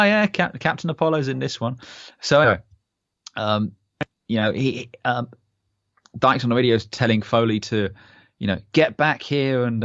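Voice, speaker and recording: A man's voice: mid-range voice, no room sound, highs cut off. A young man co-hosting a podcast in casual chat, enthusiastic and rambling with many fillers. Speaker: podcast co-host.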